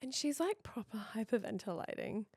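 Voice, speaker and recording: A woman in her thirties tells a family story on a podcast. Her voice sits high and swoops widely as she acts out the quotes, laughing along the way. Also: animated, fairly quick, a little mellow, husky. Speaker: podcast co-host. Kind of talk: casual storytelling chat.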